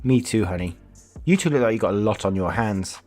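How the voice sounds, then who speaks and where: A man's voice: fairly low pitch, animated, a little fast, a little mellow, close to an everyday voice. A man voicing a smug, commanding older man with an evil streak, with faint music behind.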